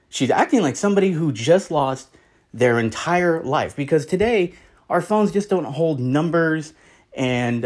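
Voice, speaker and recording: A man hosts his own podcast and holds forth on a viral story in a loose, opinionated monologue. His voice sits a little high for a man, and he slips into quoted voices to act out what others said. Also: a little mellow. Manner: rambling, opinionated, acts out quotes. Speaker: podcast host. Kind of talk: casual commentary monologue.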